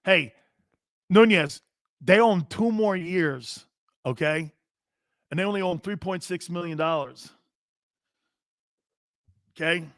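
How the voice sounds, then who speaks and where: A man's voice: high-pitched, fairly bright tone, no echo, studio quality. A middle-aged man hosting a sports talk show, blunt and profane, joking with his chat. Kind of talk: loud, brash sports talk.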